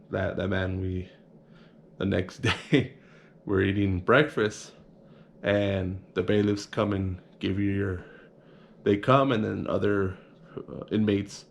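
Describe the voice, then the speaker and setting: A man's voice: sits low, creaky, a little hiss or hum. A young man telling a prison story casually, acting out punches sound effects and swearing freely.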